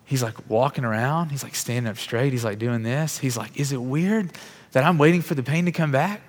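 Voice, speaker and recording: With a mid-range voice and a slightly fast delivery, this man tells a testimony as part of a sermon, playing out the people he quotes in a relaxed, chatty style full of "like" and "bro." A large hall lends the audio a long reverb.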